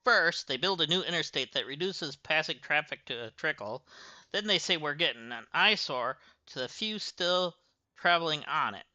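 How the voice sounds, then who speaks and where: A man's voice: on the high side, animated, moderate pace, sharp tone, no room sound. A man reading game dialogue as a grumbling small-town gas station owner in a put-on Southern accent. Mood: indignant. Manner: indignant, drawling read-aloud of game dialogue.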